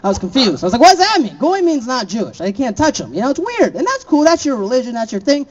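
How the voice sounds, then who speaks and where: Giggly stand-up comic, lively pitch. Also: male voice, fast talker, dull audio. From Florida. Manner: laughs at his own jokes, chatty asides to the crowd. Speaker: stand-up comedian. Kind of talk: stand-up comedy set.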